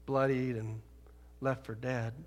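A man preaching a sermon in a church, dramatic, dropping to a hush and rising loud. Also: medium pitch, flat delivery, takes it slowly. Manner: dramatic, swings from hushed to loud. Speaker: pastor. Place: church sanctuary. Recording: long hall reverb.

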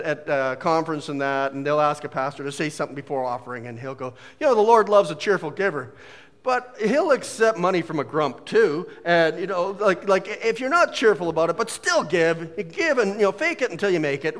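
A male pastor delivers a relaxed, joking sermon in a high voice that climbs and dips all over the place. His talk is folksy and full of asides. The sound rings with a long reverb, as in a large church hall. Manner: animated, jokey, folksy asides. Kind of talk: conversational sermon.

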